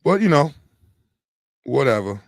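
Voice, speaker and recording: A man's voice: medium pitch, very animated, measured pace, gravelly, no room sound, studio quality. A man hosting a casual livestream, chatting with viewers in a rambling, slangy, joking way. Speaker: livestream host. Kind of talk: casual live chat with viewers.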